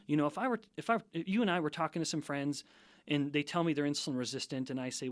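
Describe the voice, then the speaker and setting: A man's voice: on the high side, no echo, studio quality. A middle-aged man, a scientist guest, explaining things methodically in an interview. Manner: measured, lecturing, methodical.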